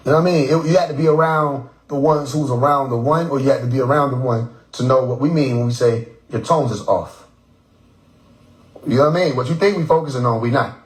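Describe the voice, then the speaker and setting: A man's voice: mid-range voice, rough recording. A man hosting a casual phone livestream, joking and swearing as he mimics how people pronounce words. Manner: profane, joking, repeats words to mimic tones. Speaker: livestream host.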